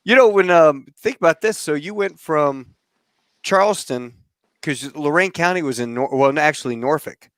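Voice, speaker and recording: A man hosting a casual interview, telling anecdotes with lively energy. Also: fairly high pitch, moderate pace, dry recording. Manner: lively storyteller, animated when telling anecdotes. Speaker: podcast host.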